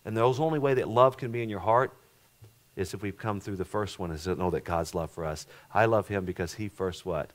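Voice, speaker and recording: A middle-aged man, a pastor, preaching a sermon that swings between loud emphatic passages and hushed ones, often repeating words and asking the congregation questions. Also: fairly low pitch, a little fast.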